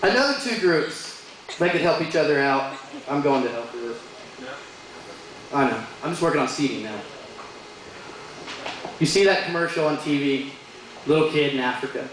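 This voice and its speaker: High-voiced man doing crude stand-up. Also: moderate pace, pauses often, noisy background. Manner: crude deadpan punchlines. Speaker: stand-up comedian. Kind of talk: stand-up comedy set. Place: bar stage with live audience. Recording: echoey bar room from far off.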